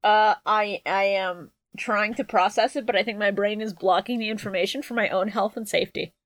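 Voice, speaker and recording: A woman co-hosting a comedy podcast, talking in loud, profane, quick outbursts with lots of laughter. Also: medium pitch, steady tone, no echo. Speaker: podcast co-host. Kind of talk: crude comedic banter.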